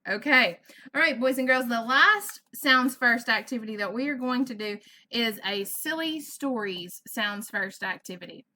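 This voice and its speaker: A woman's voice: fairly high pitch, expressive, moderate pace, bright, forceful tone. A woman with a Southern US accent teaching a first grade phonics lesson, stretching and sounding out words for young children. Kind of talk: virtual classroom lesson.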